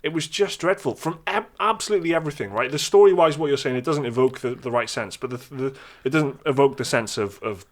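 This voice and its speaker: A man's voice: medium pitch, fast talker, hardly any pauses. A man co-hosting a gaming podcast, casually and bluntly tearing apart a game, often repeating words as he goes. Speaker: podcast co-host.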